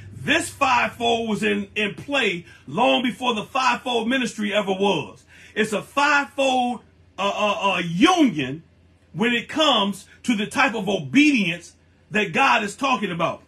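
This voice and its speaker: A male preacher with a high, bright, ringing voice. He delivers his sermon slowly and emphatically, drawing out and repeating key words for weight. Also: low-quality recording.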